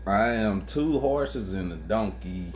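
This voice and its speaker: A man's voice: on the low side, expressive, slow, a little mellow, slight background noise. A man co-hosting a casual livestream, joking and hesitating with fillers. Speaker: co-host.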